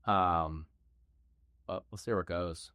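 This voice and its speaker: A man's voice: low-pitched, fairly even intonation, slow pace, pushed and bright, clear, resonant tone, dry recording, clean studio sound. A young man hosting a podcast in a casual, easygoing way, with many fillers. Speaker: podcast host. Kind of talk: casual chat.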